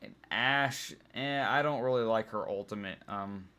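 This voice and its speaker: A young man chats casually while ranking things. His voice sits low and he talks at an unhurried, slow pace. He rambles, restarting phrases and filling gaps with ums. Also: sharp tone, clear, resonant tone. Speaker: vlogger. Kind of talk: casual tier-list ranking chat.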